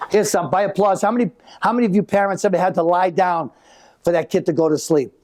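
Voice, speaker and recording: A middle-aged man performing live stand-up comedy, telling animated stories and acting out voices. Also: high voice, quick pace. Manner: animated storytelling with acted-out voices. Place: live venue with an audience.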